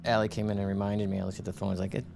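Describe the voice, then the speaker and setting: A man's voice: fairly low pitch, level tone, racing, creaky, a little mellow, a little hiss or hum. A man casually commenting while playing a horror game, rambling, reading game text aloud and swearing when startled. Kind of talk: casual let's-play commentary.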